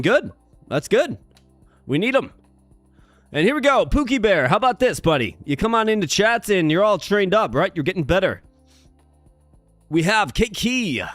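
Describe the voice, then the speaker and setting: A man's voice: high-pitched, fairly bright tone, no room sound. A man streaming a management game live, chatting playfully with his viewers as he plays. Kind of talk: casual live-stream commentary.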